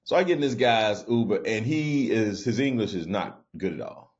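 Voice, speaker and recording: A man who is a comedian and host, telling road stories in a casual monologue, jumping into higher voices when quoting people. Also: normal speed, dull audio. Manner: animated, jumps into high voices for quoted people, frequent restarts.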